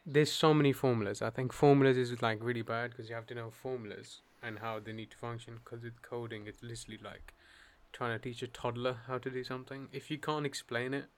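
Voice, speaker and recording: A young man talks through his day in loose, laid-back banter. He swears casually and drifts into jokes, at an ordinary middle pitch. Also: fairly even intonation, fairly quick, hardly any pauses. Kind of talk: casual chat.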